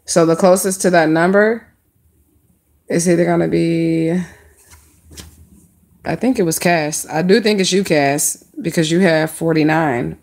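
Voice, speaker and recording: This livestream tarot reader talks a little slowly, leaving long pauses, with a fairly low, darkish-toned voice. She gives casual readings and speaks directly to viewers in a chatty, slangy way.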